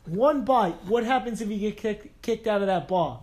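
A man's voice: high-pitched, expressive, moderate pace, voice pushed up. A man doing a brash, boastful New York guy. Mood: indignant.

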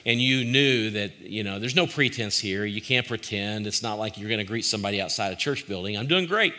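A man with a lowish voice and a bright, forceful edge gives a reflective devotional talk. He speaks conversationally and searchingly, circling back on his own phrases and turning to the listener with direct questions. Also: fairly even intonation, brisk. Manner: conversational and searching, with frequent restarts.

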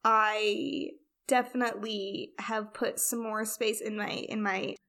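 A woman's voice: medium pitch, little pitch movement, slow, bright, forceful tone. A woman co-hosting a casual chat, rambling and self-deprecating, with frequent restarts. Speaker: podcast co-host.

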